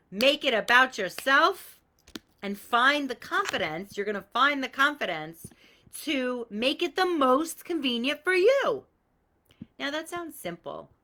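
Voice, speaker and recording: Woman life coach on a live call, cusses a lot, super animated voice, greets people by name. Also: a little high. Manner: blunt, swears freely, animated and emphatic; greets viewers by name mid-talk. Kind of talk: casual live-stream coaching talk.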